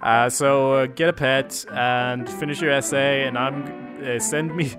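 A man hosting a casual podcast chat, teasing his co-host with wry quick banter. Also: mid-range voice, fairly even intonation, music in the background.

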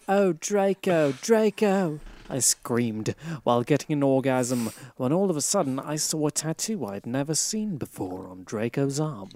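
A man's voice: on the high side, no room sound. A man giving a comic, mock-earnest reading of a fan fiction, close to the mic. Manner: mock-earnest, breaks into laughter. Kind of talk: comic dramatic reading aloud.

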